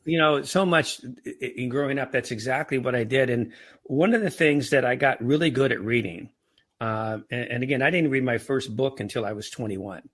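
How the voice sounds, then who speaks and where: Middle-aged guy on a podcast, kinda husky, keeps tripping and restarting his words. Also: medium pitch, fairly quick, a bit bright. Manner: frequent restarts and stammered repeats. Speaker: podcast guest, author. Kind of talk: casual interview talk.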